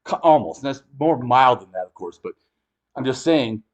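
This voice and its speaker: A middle-aged man from Los Angeles hosting a casual chat, talking in an animated, emphatic way with frequent swearing. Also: medium pitch, moderate pace, dull audio. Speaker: host.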